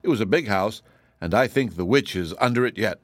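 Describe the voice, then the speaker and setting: A man's voice: fairly low pitch, lively intonation, fairly quick, no echo, close to an everyday voice. A man reading a serious, dutiful tin emperor. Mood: telling. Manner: formal and serious. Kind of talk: audiobook character reading.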